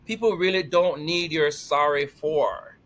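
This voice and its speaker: A middle-aged man talking casually as a podcast guest, energetic and emotional, laughing often and near tears. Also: fairly high pitch, a little slow. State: tearful. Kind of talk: casual conversation.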